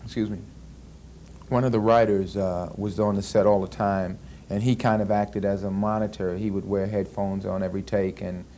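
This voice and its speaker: A man's voice: fairly low pitch, flat delivery, normal speed, mellow. A man in his thirties, an actor being interviewed, answering casually with many fillers and restarts. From United States. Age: 30s. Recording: archival interview tape with faint hiss.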